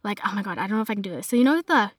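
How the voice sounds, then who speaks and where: A woman's voice: mid-range voice, animated, racing, no room sound, studio quality. A young adult woman with a Boston accent, chatting casually as a podcast host and filling her talk with "like". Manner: chatty, heavy use of "like" fillers. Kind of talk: casual chat monologue.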